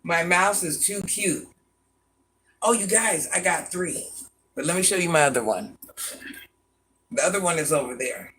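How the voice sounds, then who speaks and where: Blunt, gravelly older woman vlogger. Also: unhurried, long pauses, a bit bright. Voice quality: deep, gravelly voice. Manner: blunt, chatty, calls viewers baby and hon. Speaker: vlogger reading live chat. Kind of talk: casual live-stream chat. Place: home room at a house.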